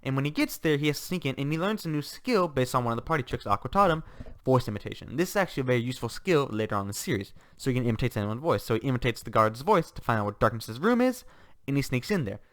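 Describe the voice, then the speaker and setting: A man's voice: medium pitch, sing-song, racing, no echo, studio quality. A man giving a casual, enthusiastic book review, rambling with restarts and laughter.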